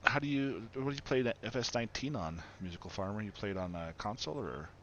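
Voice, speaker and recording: On a casual live stream of a farming game, a man speaks fast in a lowish, expressive voice with a slightly bright tone. He rambles and laughs a lot, and the dull lo-fi mic adds faint noise.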